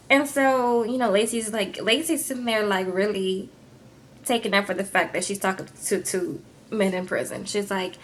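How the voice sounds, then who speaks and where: A woman's voice: mid-range voice, a little hiss or hum. A woman recapping a reality show in a gossipy, chatty vlog, often asking "okay?". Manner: gossipy, animated, addresses viewers with "okay?". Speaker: YouTube reality TV reviewer.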